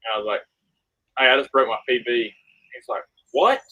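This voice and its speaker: A young man tells his fishing story as an interview guest. His voice is bright and forceful, and he acts out every exchange with animated energy. It comes across as casual, excited talk among anglers. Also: medium pitch, fairly quick, poor audio. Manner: animated, reenacts dialogue, laughs often.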